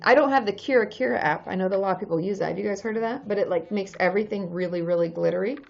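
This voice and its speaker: A woman's voice: medium pitch, very fast, creaky, muffled recording, soft background music. A woman from Washington State, a therapist chatting casually on a livestream, answering viewers and reading their names aloud.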